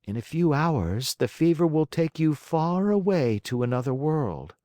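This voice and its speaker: Brief: patient motherly fairy, gentle and soothing, voiced by a man, storybook reading. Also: a little high, sing-song, a little slow, no room sound, clean studio sound, voice pushed up. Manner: soft, patient, coaxing. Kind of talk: audiobook character voice.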